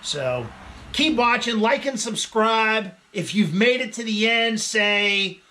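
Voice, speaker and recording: A man in his forties chats through a casual vlog story, laid-back and quick to laugh. His voice sits high for a man and sounds bright and forward. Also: lively intonation, slight background noise. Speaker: vlogger, firefighter.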